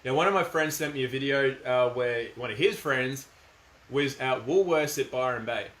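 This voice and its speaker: A man's voice: mid-range voice, normal speed, fairly bright tone. Emphatic Australian man in an echoey room. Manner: emphatic, firm, conversational. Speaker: commentator. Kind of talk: casual monologue to camera.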